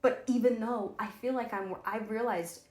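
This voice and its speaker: A woman's voice: a little high, fairly even intonation, normal speed, a little mellow, roomy sound. A woman co-hosting a podcast in casual chat, candid and often laughing, trailing off and restarting, with frequent swearing. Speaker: podcast co-host.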